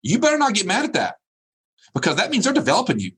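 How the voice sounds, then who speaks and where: A husky-voiced man delivers a motivational keynote over a remote video call. He preaches with emphasis and leans on repeated phrases. His pitch swings widely, rising and falling as he drives each point home. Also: wildly swooping pitch, fast, a bit bright. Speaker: keynote speaker.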